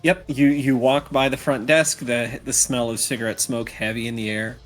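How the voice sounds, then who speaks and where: A man narrating a tabletop game as game master, slow and halting with many fillers. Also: mid-range voice, level tone, soft background music.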